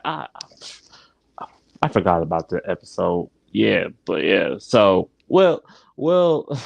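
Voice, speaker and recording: A man's voice: on the low side, clear, resonant tone, dry recording. A man hosting a live stream, casually recapping a sitcom episode, often laughing and restarting his phrases. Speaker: show host and TV reviewer.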